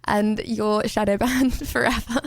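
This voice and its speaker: A woman's voice: mid-range voice, fairly even intonation, a little slow, no echo. A woman streamer chatting casually to her viewers, playful and teasing, laughing as she talks. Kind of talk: casual live-stream chat.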